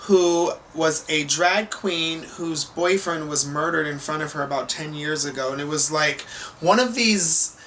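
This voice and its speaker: A male talk show host with a fairly high, bright, sharp voice. He speaks in a gushing, effusive way, heaping praise on his viewers, over a faint background hiss. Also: a little slow.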